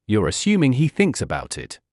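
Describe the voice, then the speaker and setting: A man's voice: medium pitch, wildly swooping pitch, brisk, darkish tone, no room sound, studio quality. A man voicing Iris, an irritable winged young woman who snaps and groans at her friends in a storybook reading. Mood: irritated. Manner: snappish, exasperated.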